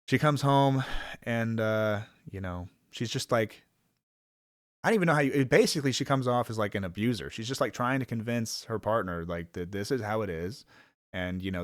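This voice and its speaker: A man's voice: fairly low pitch, no echo, clean studio sound. A man giving a rambling, casual film review, full of fillers and swearing, sometimes acting out characters in a raised voice.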